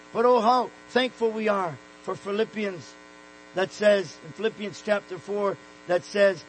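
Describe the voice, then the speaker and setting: A man preaching a sermon, emphatic, slowing down and dropping soft on key words. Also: high voice, a little hiss or hum, poor audio. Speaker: pastor.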